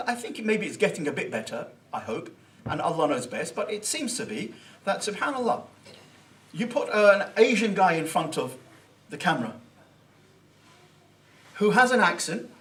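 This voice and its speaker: A man gives an informal Sunday talk at an Islamic centre, thinking out loud in a conversational way and mixing in Arabic phrases. His voice sits a little high and is picked up from some distance away from the mic. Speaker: Islamic teacher.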